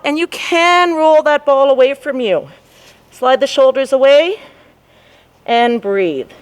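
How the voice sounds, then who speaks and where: A woman fitness instructor guiding a ball workout, cueing form and counting reps while she exercises along, a little out of breath. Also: on the high side.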